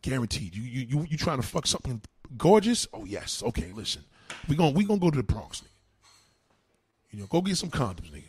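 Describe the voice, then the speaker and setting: A man's voice: mid-range voice, very animated, brisk, husky. A man, ranting in a combative way at a livestream's comments, with heavy cursing, slang and repeated retorts. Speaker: livestream host answering comments.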